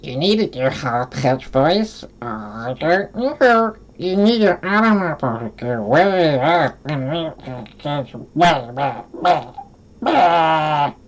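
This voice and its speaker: A man's voice: fairly high pitch, animated, highs cut off, voice pushed up. A man attempting a feminine voice, playing a whiny, tearful young woman who wails and drags out her words. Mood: coaching. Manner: drawn-out, wailing. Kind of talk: streamer trying out voices.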